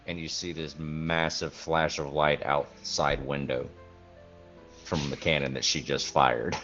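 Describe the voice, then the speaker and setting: A man narrating as game master of a tabletop game, animated and acting out sounds. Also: extremely low pitch, measured pace, muffled recording, soft background music. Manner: animated, acts out sounds and characters.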